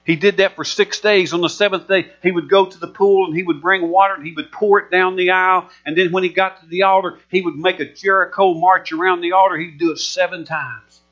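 Fervent high-voiced male preacher, lo-fi hum. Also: steady tone, fairly quick, few pauses, a bit bright. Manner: emphatic, repetitive preaching with rising fervor. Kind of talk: sermon. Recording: muffled lo-fi recording with mains hum.

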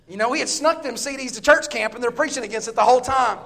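A middle-aged man from the American South with a Southern accent, preaching a sermon in church, loud and storytelling, swinging from shouted lines to quiet asides. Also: extremely high pitch, quick pace, creaky. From Southern US, Texas.

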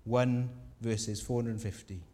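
Preacher in a reverberant church hall. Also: male voice, mid-range voice, slow. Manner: lively storytelling, mocking voices for scripture scenes. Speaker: pastor. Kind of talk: sermon.

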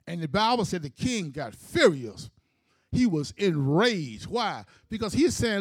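A male preacher with a high-pitched voice delivers a sermon in emphatic, rhythmic phrases. He tells the story as he goes. The recording is close and dry. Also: sing-song, measured pace, breathy edge, no echo.

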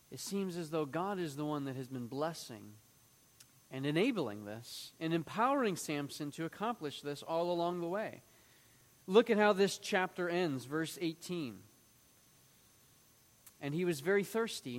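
A man's voice: a little high, in a large hall. A man teaching through a Bible passage, reading it aloud and acting out the quoted lines in a raised voice.

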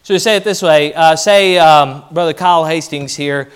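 Man, pastor, emphatic sermon delivery, somewhat high pitch. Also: normal speed, clear, resonant tone. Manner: emphatic preaching, rising and dropping in loudness.

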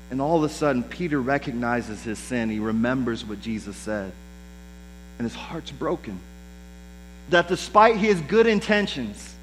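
A man's voice: a little high, fairly bright tone, slight background noise, low-quality recording. A man preaching a sermon in a conversational way, acting out the lines of the people he quotes. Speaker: pastor.

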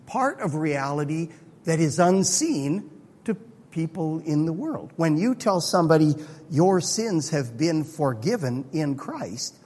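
A man preaching a sermon in a conversational, animated way. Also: a little high, measured pace, husky. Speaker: pastor. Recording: long hall reverb.

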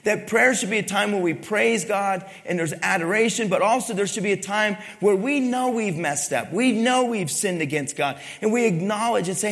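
A man's voice: sits high, lively intonation, normal speed, few pauses, a bit bright. A man preaching a sermon, asking the congregation questions and pressing his points with emphasis. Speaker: pastor. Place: church. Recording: long reverb of a church hall.

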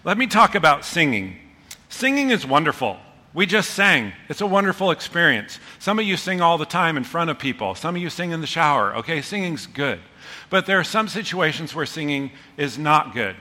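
A middle-aged male pastor preaching a sermon, telling stories with animated, voiced quotes. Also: a little high, moderate pace. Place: church hall. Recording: long hall reverb.

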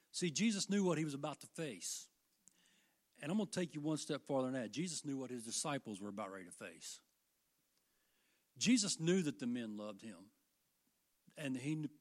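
A man preaching a sermon, swinging from loud declarations to hushed questions and reading scripture slowly with weight. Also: a little high, animated. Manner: reads scripture in slow, drawn-out emphasis.

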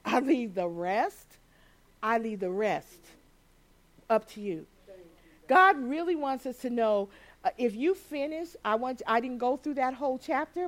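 A woman preaching a sermon, animated and laughing as she acts out quoted voices. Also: high-pitched.

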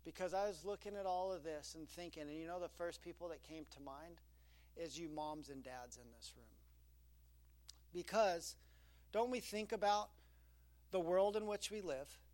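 High-ish voiced guy preaching a sermon, lively, acting out little quotes. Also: normal speed. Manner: animated storytelling with quoted asides. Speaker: pastor.

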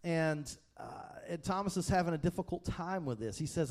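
A male pastor delivering a sermon in an earnest, conversational way. His voice sits a little high for a man, and he often repeats or restarts words as he builds his point. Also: fairly quick, darkish tone.

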